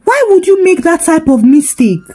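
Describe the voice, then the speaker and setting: A woman's voice: extremely high pitch, sing-song, moderate pace, warm tone, pitched above the performer's own voice. A woman voicing a young man who scolds his friend for a careless mistake. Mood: scolding. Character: scolding young male friend, bad influence.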